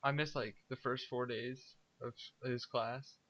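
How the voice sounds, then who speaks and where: Young male co-host, laid-back, laughs easily, mid pitch, dull lo-fi audio. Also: measured pace. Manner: relaxed, laughs often, says dude a lot. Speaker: podcast co-host. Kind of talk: casual chat. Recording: dull lo-fi recording.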